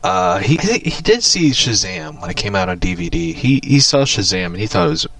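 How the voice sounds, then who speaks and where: A man's voice: a little high, sing-song, fairly quick, gravelly, a bit bright, no room sound. A man rambling casually through news and geek topics, loose and profane, with frequent restarts. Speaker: vlogger.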